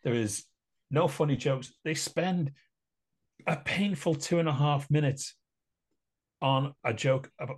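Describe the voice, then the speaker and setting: On a casual film podcast, this male co-host goes on at length with rambling opinions and lots of laughing. His voice is medium-pitched and slightly rough, a little slow, with frequent pauses.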